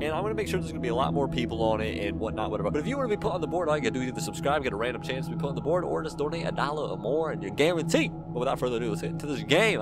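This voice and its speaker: Young man, nervous chatter over game music, mid pitch. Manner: chatty, nervous, talks to himself while playing. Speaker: gaming YouTuber. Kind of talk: casual horror game commentary.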